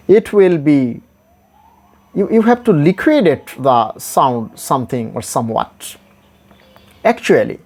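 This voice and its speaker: A man gives a pronunciation lesson at an unhurried pace, drilling each example word again and again. His pitch rises and falls a lot, and his voice lifts sharply on every stressed drill word. The delivery is deliberate and patient. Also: sing-song, a little mellow. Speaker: English pronunciation teacher.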